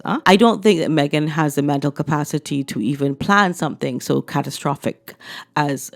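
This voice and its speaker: A woman's voice: sits low, normal speed, vocal fry, soft background music. A woman giving blunt, sarcastic opinion commentary in a casual chat style. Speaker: commentary vlogger.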